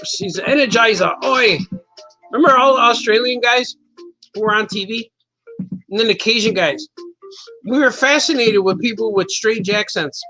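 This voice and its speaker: High, bright-voiced joking man. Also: moderate pace, soft background music, low-quality recording. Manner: rambling, jokey, laughs often. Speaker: cartoonist hosting a live show. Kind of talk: casual live-stream chat.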